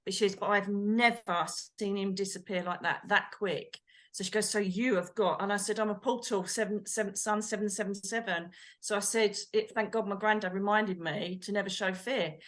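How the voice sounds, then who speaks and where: A woman co-hosting a chat show, telling a story in an animated way and acting out the quotes. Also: mid-range voice. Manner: animated, acts out quotes, exclaims. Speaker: co-host, medium.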